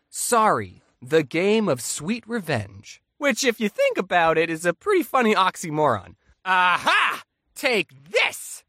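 A man giving comedic storytime narration in a deadpan, self-deprecating way. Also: high voice, no echo, studio quality. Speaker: animated storyteller.

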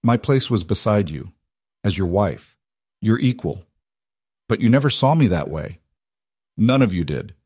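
Brief: defiant wronged werewolf wife, read by a male narrator; quiet, measured, steely; dry close sound. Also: fairly low pitch, lively intonation, husky, no room sound. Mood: cold, defiant. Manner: quiet, measured, cold resolve.

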